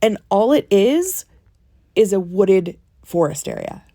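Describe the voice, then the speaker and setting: A woman's voice: mid-range voice, huge pitch swings, slow pace, vocal fry, mellow, dry recording, clean studio sound. A woman with a stuffy nose from a cold, co-hosting a casual podcast and walking through a timeline step by step, checking in often with "okay?" and "right?", recorded on a phone in a ship cabin. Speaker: podcast co-host.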